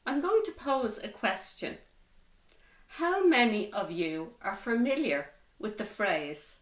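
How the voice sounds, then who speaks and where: A woman giving a prepared speech at an online club meeting, opening in a deliberate, engaging way. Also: a little high, sing-song. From Ireland. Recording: roomy echo.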